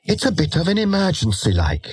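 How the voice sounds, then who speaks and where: A cheerful train driver calls out in a raised, hearty voice, played by a man reading a storybook. The tone is high and a little husky, with pitch that bounces around lively. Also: fairly quick, exaggerated voice.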